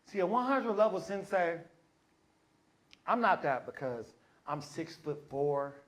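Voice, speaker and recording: A man doing stand-up comedy, telling an animated, profane story and acting out the voices of others. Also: on the high side, a little slow. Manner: profane, slangy. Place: comedy stage before a live audience.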